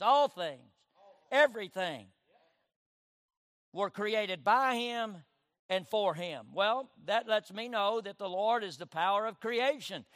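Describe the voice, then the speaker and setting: High pitched pastor guy preaching, dry mic, says amen a lot, gets loud then quiet. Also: dry recording. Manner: preaching with call-and-response amens, swinging from loud to hushed. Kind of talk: sermon.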